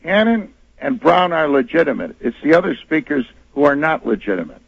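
Halting male caller on a dull line. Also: a little high, very animated, creaky, breathy edge, no echo. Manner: hesitant, halting, full of restarts. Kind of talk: call-in radio.

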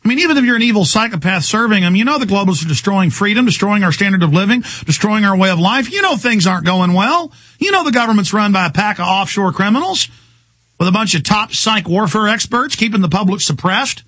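A man hosting a talk radio show, ranting in an agitated way and tripping over repeated words. His voice is husky and sits fairly high for a man. The sound is close and dry. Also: lively intonation, quick pace, a bit bright, no room sound. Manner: ranting, agitated, stumbling repetitions.

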